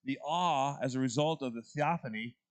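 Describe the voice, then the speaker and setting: A man's voice: mid-range voice, normal speed. A man leading a church Bible study class, talking through the text in a conversational way and putting questions to the group.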